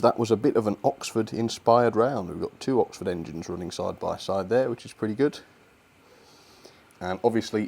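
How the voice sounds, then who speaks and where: A young man with a low, gravelly, darkish voice hosts a model railway live stream. He chats cheerfully and thanks viewers, using fillers and little laughs, and sounds a bit out of breath.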